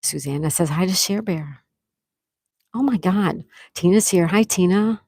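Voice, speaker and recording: A woman hosting a live stream, reading chat comments and excitedly thanking viewers, with frequent gasps. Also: fairly low pitch, unhurried, husky, dry recording, studio quality. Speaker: livestream host.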